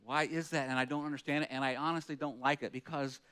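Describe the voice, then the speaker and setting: A man's voice: medium pitch, steady tone, fast, sharp tone, clear, resonant tone. A man preaching a sermon in an earnest, conversational way, reading scripture aloud and asking the room rhetorical questions. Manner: reads scripture aloud between comments. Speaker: pastor.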